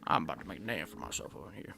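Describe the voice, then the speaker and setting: A man voicing a cocky Cajun swamp man with a put-on Cajun Creole accent and a low, muttered drawl. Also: animated, rapid-fire, gravelly, over music, full character voice.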